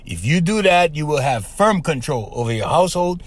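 A man's voice: a little high, sing-song, a little fast, dry recording. A man hosting a podcast, giving relationship advice in an emphatic, casual monologue that keeps checking in with "okay" and "right.". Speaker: podcast host.

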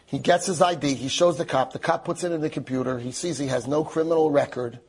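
A man telling a dramatic story aloud, acting out the quotes with lively animation. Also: on the high side, fast talker, breathy edge.

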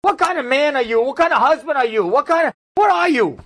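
A man voicing a nervous, frustrated wife who berates her husband in a shrill rant. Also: lively intonation, fast, a bit bright, exaggerated voice. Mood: scolding.

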